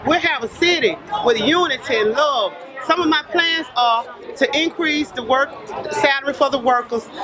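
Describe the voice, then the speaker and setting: A woman giving a fervent, emotional speech outdoors as the new mayor. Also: sits high. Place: outdoors among a crowd. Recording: crowd noise behind.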